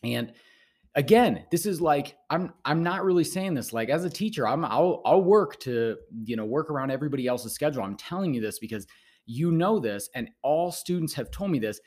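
A man's voice: on the high side, normal speed. Male teacher-host, casual rambling monologue of advice, repeats himself. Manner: rambling, repeats words, animated lectures.

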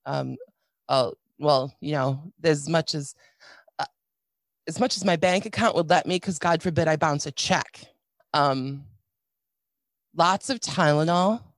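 Halting middle-aged woman telling her story. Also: sits low, no room sound. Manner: halting, with many restarts and dry wry asides. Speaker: guest sharing a personal story. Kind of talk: candid personal storytelling.

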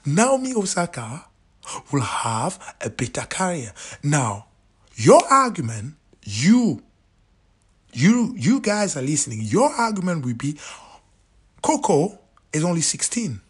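A man in his late thirties talks through his opinions as a show host, his pitch leaping around in a lively, emphatic way. His voice is very breathy and airy, and he repeats himself for emphasis, sometimes sinking to an almost whispered aside. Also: slow pace. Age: 30s. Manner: animated, emphatic, repeats points, drops to near-whispers. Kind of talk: opinionated commentary monologue.

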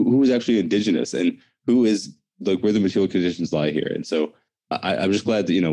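A man ranting in a casual political discussion, fast and profane. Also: low voice, mellow.

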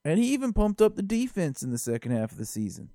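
A man's voice: high voice, sing-song, quick pace, warm tone, no echo, studio quality. A man co-hosting a podcast, chatting casually and enthusiastically about football, laughing often. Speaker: podcast co-host. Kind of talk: casual sports chat.

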